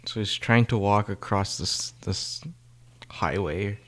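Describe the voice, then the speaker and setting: Low-voiced man chatting about a movie. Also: slow pace, a bit bright. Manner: laid-back, chuckles while talking. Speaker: podcast co-host. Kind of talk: casual movie review chat.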